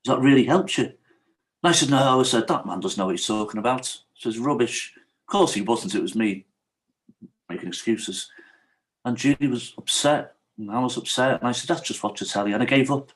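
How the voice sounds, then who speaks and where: A man's voice: mid-range voice, expressive, brisk. A middle-aged man, a podcast guest telling his personal story in an earnest, emotional way, acting out what others said. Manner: emotional, earnest, acts out quoted dialogue.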